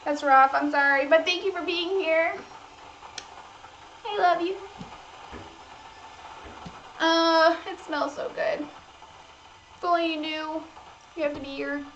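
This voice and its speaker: A woman's voice: very high-pitched, steady tone, takes it slowly, long pauses, a bit bright, highs cut off, slight background noise. A woman hosting a cooking livestream, chatting in a bubbly, gushing way to her viewers. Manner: bubbly, gushing, talks to chat. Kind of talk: casual livestream chat to viewers. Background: faint background music.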